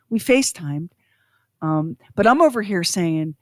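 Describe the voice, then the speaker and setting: A woman's voice: fairly low pitch, expressive, a little slow, darkish tone, no echo, clean studio sound. A middle-aged woman co-hosting a radio talk show, speaking earnestly and from the heart in long run-on sentences. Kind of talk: casual talk show chat.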